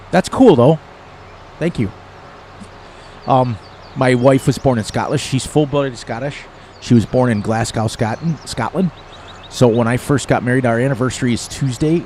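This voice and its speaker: A gaming streamer in his sixties from the eastern US rambles casually while playing a farming game, laughing at his own jokes. His voice is medium-pitched and a little mellow, with faint outdoor noise in the background.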